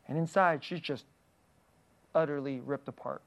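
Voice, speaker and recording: A preacher giving a sermon, reading scripture aloud and explaining it in an earnest manner, often sinking to a soft, hushed voice. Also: medium pitch, animated, a little slow, pauses often.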